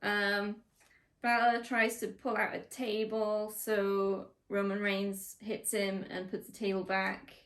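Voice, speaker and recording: A woman's voice: medium pitch, monotone, slow, a bit bright. A woman co-hosting a casual chat about wrestling, laughing often as she talks. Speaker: podcast co-host.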